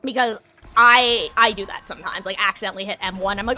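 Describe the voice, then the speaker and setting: A woman streaming live, talking loosely and candidly about her game between moments of play. Her voice is bright and forward, set at a middling pitch. She wanders from thought to thought and drops casual swears along the way. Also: fairly even intonation, brisk, a little hiss or hum. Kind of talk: casual chat while gaming.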